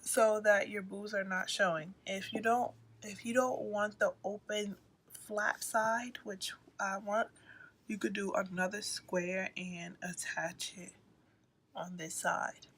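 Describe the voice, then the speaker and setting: A woman's voice: medium pitch, flat delivery, takes it slowly, fairly bright tone. A woman casually explaining a crochet project, sleepy and yawning, rambling with apologetic asides and dipping into whispers, recorded on a phone at home. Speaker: crochet tutorial host.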